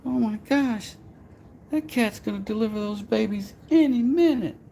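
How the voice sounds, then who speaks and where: A man putting on a falsetto voice as a helpless, fussy woman who begs for a strong man's help. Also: normal speed, gravelly, warm tone. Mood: mock pleading. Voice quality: shrill falsetto. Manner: exaggerated mock pleading. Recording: noisy background ambience.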